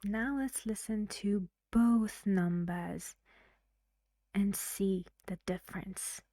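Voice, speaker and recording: A woman's voice: mid-range voice, fairly even intonation, slow pace, warm tone, no room sound, studio quality. A woman who is a native Persian speaker, teaching English pronunciation in a recorded lesson, explaining carefully and often asking the learner questions.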